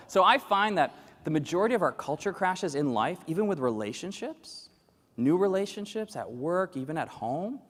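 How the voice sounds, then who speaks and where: A man giving an animated keynote talk to a live audience, quizzing the crowd and acting out quoted voices. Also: on the high side. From grew up in Latin America. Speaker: keynote speaker. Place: large hall with live audience. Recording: echoey hall with long reverb.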